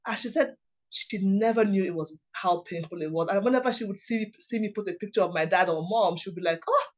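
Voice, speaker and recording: A woman's voice: medium pitch, fast talker. A woman, a lawyer and writing coach, telling heartfelt personal stories in an earnest way, full of "you know" fillers and restarts. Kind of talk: reflective personal storytelling.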